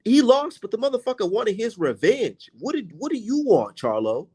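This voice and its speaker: A young man who hosts a boxing channel delivers a heated, profane rant and reads viewer comments aloud. His voice sits high and is very animated, mellow yet a bit rough, at a moderate pace. He comes across as blunt and exasperated.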